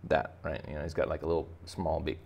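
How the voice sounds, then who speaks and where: A man with a deep, gravelly voice leads a relaxed drawing lesson for kids. He talks the viewer through each step and tosses in playful jokes as he draws. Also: fast. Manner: chatty, joking asides while sketching. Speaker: art teacher. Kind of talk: casual drawing tutorial for kids.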